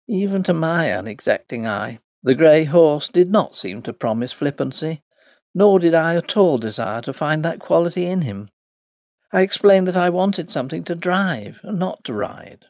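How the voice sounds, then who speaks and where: A man reading a novel aloud as an audiobook narrator, in a measured, dry storytelling delivery. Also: medium pitch, animated, a little mellow, no echo.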